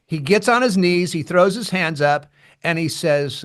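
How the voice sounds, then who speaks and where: A man co-hosting a podcast, responding with a halting, affirming retelling of a friend's story. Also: sits high, animated, a bit bright, clean tone, no room sound, studio quality. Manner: halting, many restarts, affirming listener. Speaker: podcast co-host. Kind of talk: casual conversational response.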